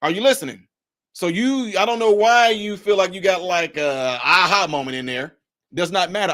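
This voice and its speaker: Male livestream host, high-pitched, emphatic and repetitive, speaks straight to his chat. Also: a bit bright. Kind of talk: political commentary livestream.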